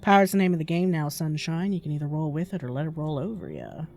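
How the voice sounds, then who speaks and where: A woman reading the lines of a rough, cynical male drifter in a horror game, blunt and menacing. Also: low-pitched, expressive, quick pace, mellow, soft background music. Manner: blunt, menacing street talk.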